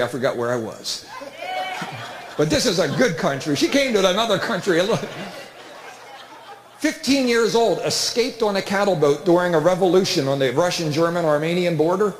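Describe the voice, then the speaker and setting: A middle-aged man doing stand-up comedy at a church event, telling stories with big animated voices. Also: sits high, a little hiss or hum. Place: church hall with live audience. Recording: roomy hall reverb.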